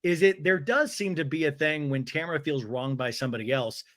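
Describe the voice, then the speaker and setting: Man, comic podcast host, animated recap delivery, high-pitched and sharp-toned. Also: brisk. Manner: animated, jokey, acts out quoted lines. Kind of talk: comedic reality TV recap.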